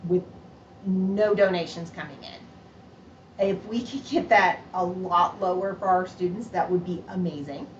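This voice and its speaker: A woman's voice: lowish voice, unhurried, a little hiss or hum. A woman chats on a home podcast in a casual, easygoing way, stumbling and repeating words as she goes. Her voice sounds distant, with a roomy echo, and the recording is dull and slightly muffled. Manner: chatty, laughs easily, repeats words. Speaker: podcast co-host, mother. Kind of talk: casual chat. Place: home couch with a dog.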